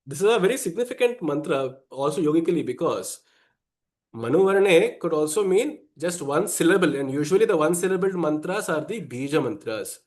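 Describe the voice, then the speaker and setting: A man's voice: a little high, lively intonation, brisk, a little mellow. A man teaching the meaning of a Sanskrit hymn, rephrasing each point and mixing in Sanskrit words. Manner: explanatory, repeats and rephrases, Sanskrit terms mixed in. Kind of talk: explaining a devotional hymn.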